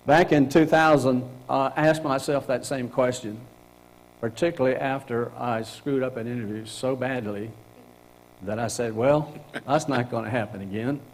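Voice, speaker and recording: Middle-aged man, career workshop presenter, casual and animated, mid-pitched voice. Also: low-quality recording. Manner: animated, acts out example lines with laughs. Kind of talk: casual talk to a group. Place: meeting room.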